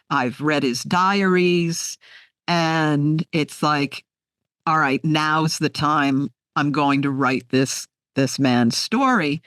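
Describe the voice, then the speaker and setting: A woman in her sixties, an author being interviewed, telling stories in an animated, heartfelt way. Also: low voice, dry recording, studio quality. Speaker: author guest. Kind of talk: conversational interview.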